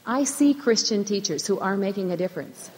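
A middle-aged woman who teaches school, giving a measured, earnest personal faith testimony in a church. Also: medium pitch, lively intonation, a little mellow. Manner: earnest, measured, emphatic repetitions. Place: church sanctuary. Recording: long church hall reverb.

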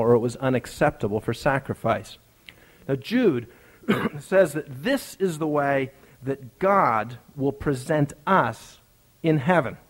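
A male preacher telling a personal story in a conversational sermon, building up to emphatic, rising lines. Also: mid-range voice.

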